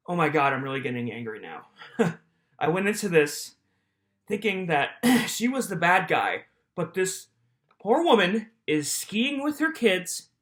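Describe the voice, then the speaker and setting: A commentator ranting over courtroom footage, swearing freely. The pitch swings widely and the tone is bright and forceful, though the pace stays unhurried. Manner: animated, heavily swearing rant. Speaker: video commentator. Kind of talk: reaction commentary on trial footage.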